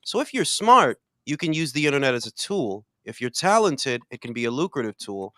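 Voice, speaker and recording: An older man hosting a casual boxing talk show, profane and loud, swinging between shouting and muttering. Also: medium pitch, big pitch swings, a little fast, dry recording, studio quality. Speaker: boxing podcast host. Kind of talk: casual chat.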